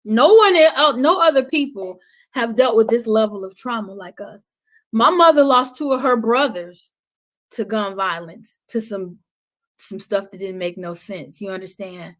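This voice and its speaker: A woman with a somewhat high voice talks with fervent conviction on a podcast, like a preacher. Her delivery swells loud, then drops to a hush. She sounds like a guest on a live stream. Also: moderate pace, low-quality recording. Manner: impassioned, preaching cadence, swings from loud to hushed. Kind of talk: passionate podcast talk.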